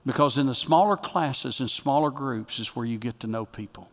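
Emphatic preacher in a reverberant church. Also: male voice, medium pitch, moderate pace. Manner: emphatic preaching, swings between loud bursts and quiet asides. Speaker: pastor. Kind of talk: sermon. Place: church sanctuary. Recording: long reverb of a church hall.

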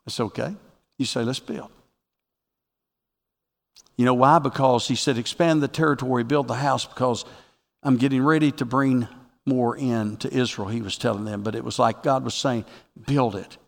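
A pastor preaching a sermon to his congregation. He moves from quiet reflection to loud, rising exhortation. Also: mid-range voice, fairly even intonation, fairly quick, gravelly, long reverb tail.

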